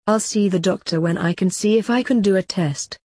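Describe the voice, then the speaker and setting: A woman's voice: mid-range voice, a little fast, dark tone, husky, no room sound, clean studio sound, close to an everyday voice. A woman voicing a grumpy, ancient male doctor who grumbles wearily. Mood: grumbling. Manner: grumbling and weary.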